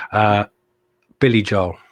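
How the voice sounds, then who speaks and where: A man's voice: on the low side, steady tone, very slow. A man co-hosting a casual live-stream show, chatty and enthusiastic as he rambles about old albums and cracks jokes. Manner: jokey, laughs easily. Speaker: co-host of a live music chat show.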